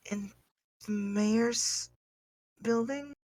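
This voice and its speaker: A woman voicing a nervous young townswoman who asks hesitant, quavering questions in a high, soft voice. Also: extremely slow, no echo, poor audio.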